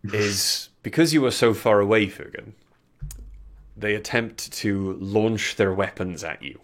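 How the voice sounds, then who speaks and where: A man running a tabletop game as game master, narrating combat and giving rulings with frequent fillers. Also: on the low side. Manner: measured, hesitant with fillers between rulings.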